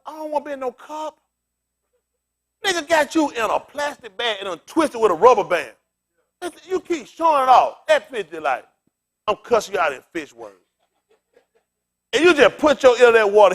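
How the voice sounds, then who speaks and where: Pastor guy preaching loose and loud, aave, high voice that jumps all over. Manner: loud, animated street preaching, laughing asides.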